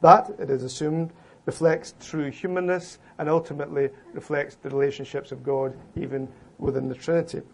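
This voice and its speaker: Male academic presenter, voice sits a little high; reads a prepared paper to a seated room, measured and emphatic. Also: steady tone, gravelly, breathy edge. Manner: deliberate, emphatic reading with occasional restarts. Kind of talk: lecture reading from a prepared paper. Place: lecture room with an audience.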